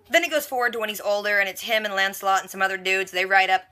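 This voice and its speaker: A woman vlogger giving a casual, animated recap of a TV episode with quick asides. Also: mid-range voice. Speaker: reaction vlogger.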